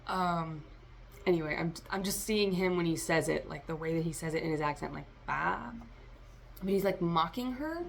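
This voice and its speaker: Gravelly low-voiced woman reading tarot. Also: fairly even intonation, brisk, slight background noise. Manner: rambling, free-associating, addresses listeners directly. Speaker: tarot reader.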